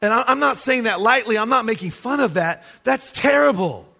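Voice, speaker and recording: A man's voice: very high voice, lively intonation, moderate pace, vocal fry, pushed and bright. A man preaching a sermon as pastor, emphatic and asking the congregation rhetorical questions.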